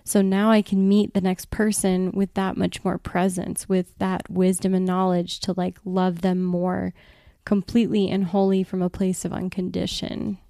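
A woman's voice: lowish voice, monotone, normal speed, vocal fry, warm tone, no echo, studio quality. Earnest woman in reflective chat. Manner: earnest, reflective, laughs often. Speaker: podcast guest.

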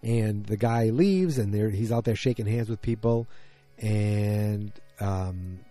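Man, slightly low voice, mellow tone, casual rambling recap, self-correcting, faint music behind. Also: slow pace. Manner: rambling, self-correcting, loose slangy talk. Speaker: TV episode recapper.

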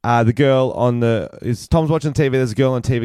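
A man co-hosting a podcast, animated as he reads out stories and banters with his co-host. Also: medium pitch, brisk, hardly any pauses, clean tone, no echo. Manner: animated, reads news stories aloud with laughs. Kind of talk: casual banter and storytelling.

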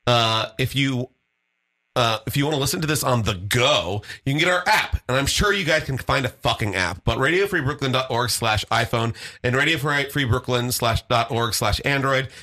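Bright-voiced man rambling through radio plugs. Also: mid-range voice. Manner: rambling, joking station announcements with fillers. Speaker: radio show co-host. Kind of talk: crude casual radio banter. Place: community radio studio.

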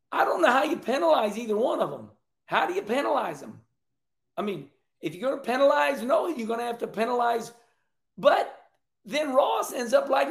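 A man hosts a show with animated, emphatic commentary, repeating his points. His voice is high and gravelly. The room has an echo. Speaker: host. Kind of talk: casual race commentary.

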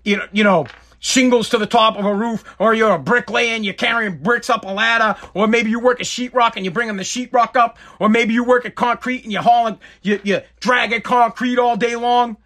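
A man's voice: very high voice, fairly quick. A man delivering a heated, profane comedic rant as a show host. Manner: profane, heated, animated ranting.

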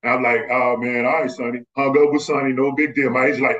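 A man from Texas, a former basketball player, telling animated stories as a podcast guest and acting out the people he quotes. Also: medium pitch, fast talker. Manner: animated, acts out quoted voices. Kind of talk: casual storytelling. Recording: slightly muffled lo-fi audio.

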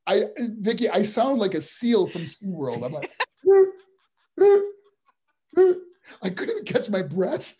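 A man's voice: high voice, slow pace, pauses often, husky. A middle-aged man, a former wrestler and boxer, telling rambling stories in a casual interview. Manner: rambling, animated storytelling with restarts.

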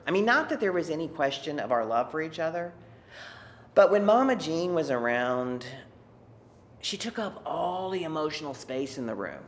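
A man's voice: fairly high pitch, gravelly. A man in his fifties from Texas telling a personal story in a reflective, conversational way with wry asides.

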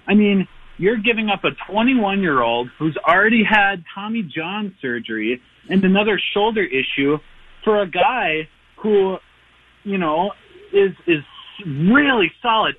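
Male radio caller, rambling and excited, voice a bit high, tinny phone-line sound. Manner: rapid, rambling enthusiastic argument. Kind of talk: call-in sports opinion.

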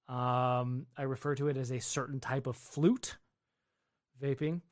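A man's voice: mid-range voice, steady tone, a little slow, no room sound, studio quality. A man hosting a casual livestream from his home basement, reading viewer questions aloud and answering them offhandedly. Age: adult with wife and children. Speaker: livestream host answering chat. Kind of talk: casual live-stream chat.

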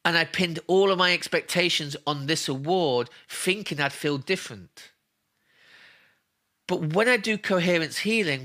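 A man's voice: fairly high pitch, bright, forceful tone. A man telling personal stories as an interview guest, earnest and emphatic, often repeating himself for stress. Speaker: interview guest, spiritual healer. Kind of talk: emotional personal storytelling.

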